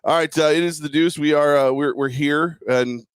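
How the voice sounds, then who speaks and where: A man's voice: a little high, fairly even intonation, moderate pace, clean tone, no room sound, clean studio sound. Rambling, laughing male sports talk host. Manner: rambling, jokey, laughs often. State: hungover.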